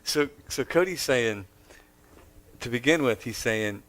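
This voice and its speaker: A man's voice: mid-range voice, animated, measured pace, long pauses, fairly bright tone. A man hosting an interview, playful and joking, who sums up his guest's story and asks her questions. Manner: playful, jokes and laughs with the guest. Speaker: host, interviewer. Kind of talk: conversational interview.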